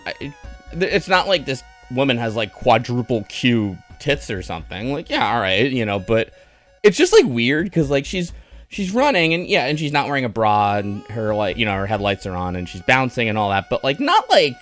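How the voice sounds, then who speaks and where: A man's voice: mid-range voice, sing-song, normal speed, fairly bright tone, faint music behind. A man giving a casual, rambling movie review on a stream, sardonic and full of fillers and restarts.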